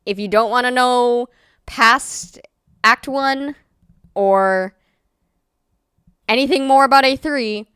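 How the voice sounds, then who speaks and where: Young woman, streamer, rambling casual chat, apologetic, smooth clear voice, dry close mic. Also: fairly high pitch, fairly bright tone, dry recording. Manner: rambling, apologetic, quick to laugh.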